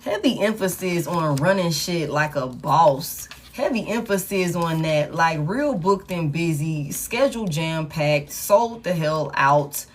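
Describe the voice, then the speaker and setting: A woman's voice: low-pitched, expressive, unhurried, few pauses. A woman giving a casual tarot reading in a repetitive, emphatic, slangy pep-talk manner. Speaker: tarot reader.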